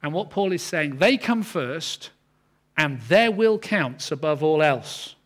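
A man with a slightly higher voice delivers a morning sermon. He teaches earnestly and slows down to stress the key words. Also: expressive, fairly bright tone. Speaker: pastor.

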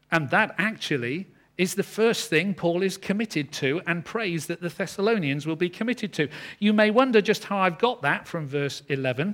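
A man with a slightly higher voice delivers a morning sermon. He teaches earnestly and slows down to stress the key words. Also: a bit bright. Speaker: pastor.

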